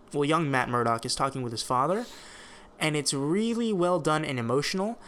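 A man chatting casually as a podcast co-host, animated and swearing freely while he reviews a show. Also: medium pitch.

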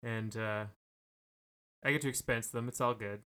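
Guy co-hosting a casual podcast, rambling with lots of fillers, bright voice. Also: mid-range voice, steady tone, normal speed. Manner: rambling, hesitant, many fillers and restarts. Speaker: podcast co-host. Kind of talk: casual chat.

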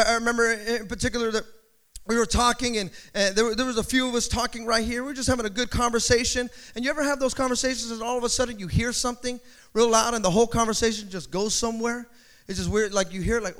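A man's voice: sits high, lively intonation, fast, fairly bright tone. A man preaching an evening sermon in church, addressing the congregation directly with emphatic, repeated phrases. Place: church service.

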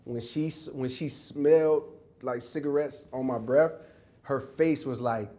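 A man in an interview, telling a childhood story in an animated way and often restarting his sentences. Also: medium pitch, unhurried. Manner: animated, acts out quoted voices, restarts often. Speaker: interview guest.

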